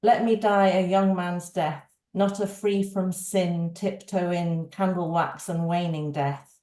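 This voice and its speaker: Woman reading slow and steady, kinda echoey room on a call. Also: fairly low pitch. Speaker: panelist reading a poem. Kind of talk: poetry reading on a video call. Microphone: video call.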